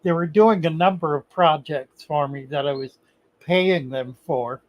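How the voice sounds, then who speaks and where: An older man talks through fish-breeding tips in a relaxed, rambling livestream chat. His voice sits a little higher than most men's. He speaks in a folksy, easygoing way and drifts into asides. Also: unhurried, lo-fi sound. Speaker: livestream host, fishkeeping expert.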